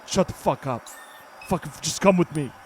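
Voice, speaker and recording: A man voicing a gruff young man in a video game who is impatient with his friend. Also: a little high, animated, normal speed, a little hiss or hum, voice pushed up, lightly acted.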